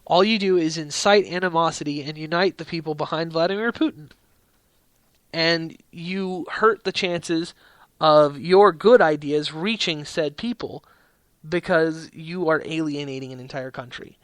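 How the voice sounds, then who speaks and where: A man's voice: fairly high pitch, a little slow, fairly bright tone, dry recording. A man hosting a casual political podcast, opinionated and rambling, with frequent restarts. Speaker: podcast host.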